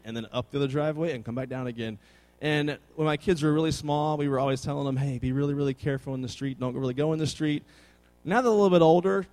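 Animated youth pastor preaching. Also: male voice, on the high side. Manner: animated storytelling, conversational. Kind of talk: sermon.

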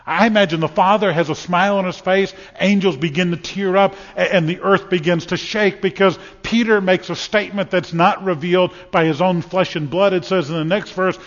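Folksy preacher man in a reverberant hall. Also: on the high side. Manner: folksy, storytelling preacher with repeated words and sports analogies. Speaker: pastor. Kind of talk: sermon. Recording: dull sound with long reverb in a hall.

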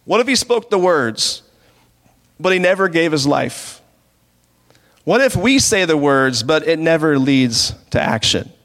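A man's voice: a little high, animated, measured pace, a bit bright. Preaching man in a reverberant hall. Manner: conversational preaching with rhetorical questions. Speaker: pastor. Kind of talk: sermon.

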